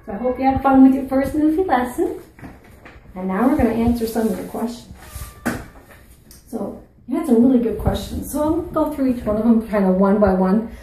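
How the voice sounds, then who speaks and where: A woman's voice: fairly high pitch, animated, brisk, warm tone, heavy reverb, recorded from a distance, a little hiss or hum, rough recording. Chatty woman with a Maritime Canadian accent. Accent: Canadian Maritime, Newfoundland and Nova Scotia. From Atlantic Canada. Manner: playful, teasing, chatty. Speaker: channel host. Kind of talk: casual chat to camera.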